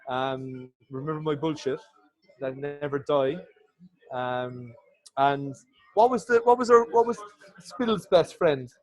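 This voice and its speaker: A man's voice: fairly high pitch, a little slow, low-quality recording. A man, a former rugby player guesting on a podcast, talking in a heartfelt, rambling way and swearing often. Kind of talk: casual chat.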